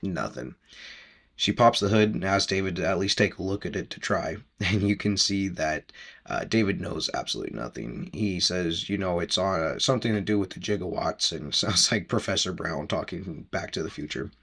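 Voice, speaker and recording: A man's voice: deep voice, animated, moderate pace, vocal fry, a bit bright, slightly rough. A man hosting a podcast, casually recapping a book chapter in a rambling, chatty way with easy laughs.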